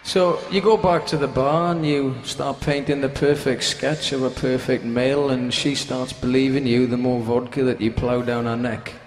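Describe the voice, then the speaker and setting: A man's voice: mid-range voice, fairly even intonation, normal speed, few pauses, a little hiss or hum. Welsh man telling a crude story on stage. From Wales. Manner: crude, swearing, bawdy anecdote with put-on quoted voices. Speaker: band frontman. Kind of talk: comic storytelling to a concert crowd.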